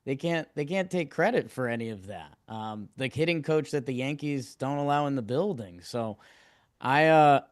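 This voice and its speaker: Smooth-voiced man musing in frustration. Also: medium pitch, expressive, normal speed, no echo. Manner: frustrated, rambling, restarts often. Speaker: podcast co-host. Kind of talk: casual sports podcast chat.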